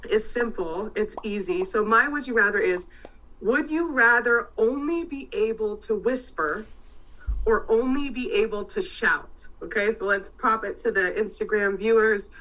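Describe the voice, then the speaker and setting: A woman co-hosting a podcast live, a mom talking loudly and crudely with plenty of swearing and laughter. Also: mid-range voice, measured pace, rough recording. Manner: loud, profane, laughing. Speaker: podcast co-host. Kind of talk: casual live-stream chat.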